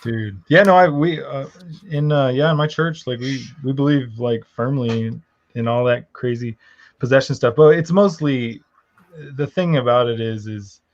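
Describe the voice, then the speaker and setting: A man's voice: medium pitch, normal speed. A man in casual conversation, mostly agreeing in short replies. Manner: brief agreeing responses. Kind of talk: casual chat. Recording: dull lo-fi stream audio.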